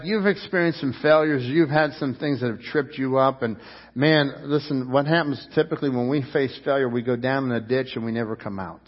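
A man preaching a sermon, telling a story and then urging his listeners, his voice rising and then dropping to a hush. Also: fairly high pitch, in a large hall, highs cut off. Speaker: pastor.

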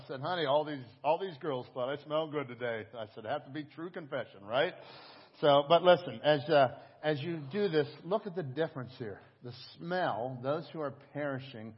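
A middle-aged man preaching a sermon as pastor, telling stories in an animated, conversational way. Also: on the high side, moderate pace, husky. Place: church service. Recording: dull echoing church hall audio.

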